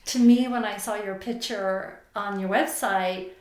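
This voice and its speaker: A woman is a podcast guest, a therapist and coach who talks in an effusive, animated way. Her voice sits mid-range and carries the echo of a roomy space. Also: medium pitch, measured pace. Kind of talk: podcast interview.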